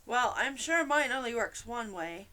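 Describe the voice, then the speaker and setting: A woman's voice: fairly high pitch, lively intonation, a little slow, pushed and bright. A woman reading aloud and voicing a polite, curious young girl who asks earnest questions.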